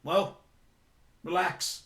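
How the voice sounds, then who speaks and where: A woman's voice: drawn-out words, fairly bright tone, reverberant. A man voicing a bossy housekeeper woman who firmly scolds. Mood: scolding. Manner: scolding, firm.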